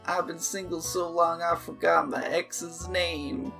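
A gloomy cowboy card player drawls out his woes in a tabletop game, his voice pushed up high. A man puts him on while running the game. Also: little pitch movement, slow, gravelly, bright, forceful tone, faint music behind, full character voice. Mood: mopey. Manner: folksy drawl.

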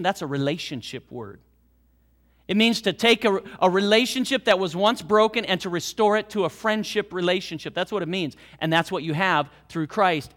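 A middle-aged male pastor with an American Midwest accent, preaching an animated sermon that swings between soft and loud. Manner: animated preaching with big swings in loudness and pitch.

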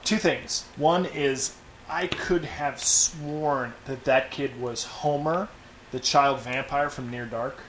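A man's voice: mid-range voice, slow pace, background noise. Nitpicky man in a roomy space. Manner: nitpicky, points out production details. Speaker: podcast co-host. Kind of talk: casual review chat.

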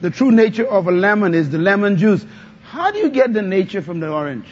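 A man's voice: high-pitched, very animated, fairly quick, a little mellow. A male pastor preaching a sermon, calling on the congregation to answer back. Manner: call-and-response preaching, asks the congregation to answer. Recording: dull lo-fi sound.

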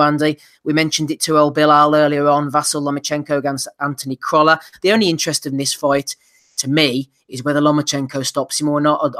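Brisk higher-voiced male podcast host. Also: a bit bright. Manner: brisk, announcing fight cards. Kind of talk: casual sports chat.

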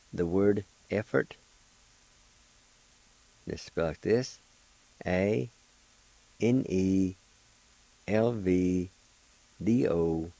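Slow, deliberate male language teacher. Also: low voice, warm tone, dry recording, poor audio. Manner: slow, deliberate, syllable-by-syllable drilling. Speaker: radio language program host. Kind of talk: language lesson, spelling and pronouncing words.

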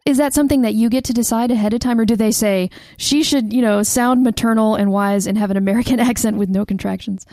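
A woman's voice: fairly high pitch, steady tone, fast talker, few pauses, dark tone, no room sound, clean studio sound. A woman interviewing a guest, asking curious, chatty questions. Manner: curious, chatty, self-described nerdy.

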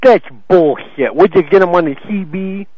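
A man's voice: high voice, moderate pace. A man making a prank phone call, taunting and swearing in a blustering way over a muffled phone line. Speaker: prank caller.

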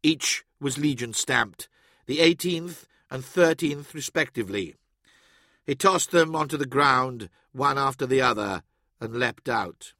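A man reading an audiobook in steady, even scripted narration. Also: mid-range voice, unhurried, no echo, studio quality.

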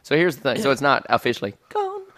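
A man with a drawl holds the floor in relaxed banter, his pitch rising and falling in lively swings. He leans hard on words for emphasis and gets loud when making a point. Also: fast. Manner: animated storyteller, loud bursts of emphasis. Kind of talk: casual chat.

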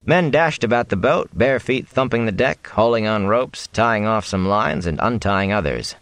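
A man reads a novel aloud in a very deep voice, swinging his pitch widely as he tells the story. The sound is dry and close, with no room around it. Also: animated, normal speed, a bit bright, no room sound. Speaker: audiobook narrator. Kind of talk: scripted narration.

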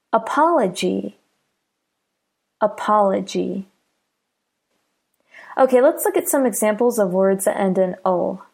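A woman with an American accent teaching a pronunciation lesson, saying each example word three times with clear stress. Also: mid-range voice, darkish tone.

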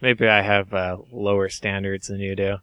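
A man co-hosting a podcast in casual chat, mild and hesitant, filling pauses with uhs and small laughs. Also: lowish voice, flat delivery, bright, forceful tone, clear, resonant tone. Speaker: podcast co-host.

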